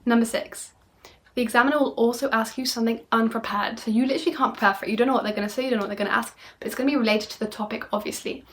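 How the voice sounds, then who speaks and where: A woman from the UK tutors straight to the camera, fast and emphatic. Her voice sits a little high, and she stops often to check in with the viewer. She plays up her tone to make each point land. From United Kingdom. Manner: animated, playing up phrases with dramatic tone. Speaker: French exam tutor. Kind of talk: video lesson monologue.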